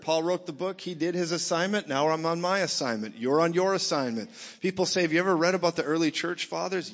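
A man preaching a lively sermon to a church gathering, joking with the crowd and rising to shouts. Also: on the high side. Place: church meeting hall. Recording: dull sound in a reverberant hall.

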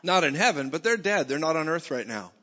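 A man's voice: on the high side, a little fast. Man preaching in a reverberant hall. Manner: lively, joking, rising to shouts. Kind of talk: sermon. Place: church meeting hall. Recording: dull sound in a reverberant hall.

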